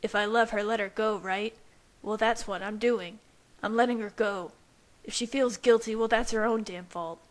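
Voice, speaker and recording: A woman's voice: medium pitch, steady tone, normal speed, natural voice. A woman voicing an angry, defiant young male werewolf who snaps his lines resentfully. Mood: bitter. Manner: snarling, resentful.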